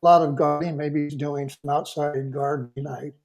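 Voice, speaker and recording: A man co-hosting a casual chat, easygoing, with unhurried small talk and fillers. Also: fairly high pitch, level tone, vocal fry, heavy background noise. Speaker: co-host. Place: home porch.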